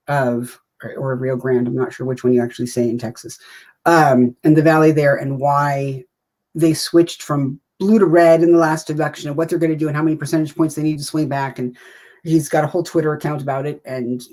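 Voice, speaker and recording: An American writer in her fifties, appearing as a guest in a casual interview, rambles chattily and pokes fun at herself. Her voice is deep with a dark tone.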